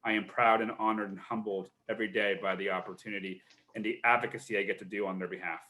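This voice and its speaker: A man's voice: fairly low pitch, fairly even intonation, quick pace, bright, forceful tone, a little hiss or hum. A middle-aged man, a literary agent, answering questions in a live online Q&A in an earnest way, often repeating words as he thinks.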